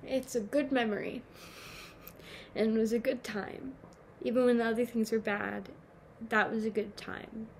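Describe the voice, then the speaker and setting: A woman's voice: a little high, flat delivery, moderate pace, pauses often, a little mellow, a little hiss or hum. A nineteen-year-old woman chatting casually to her camera at home, rambling, swearing and poking fun at herself. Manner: rambling, swearing, self-mocking. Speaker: vlogger. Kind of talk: casual chat. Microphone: camera mic.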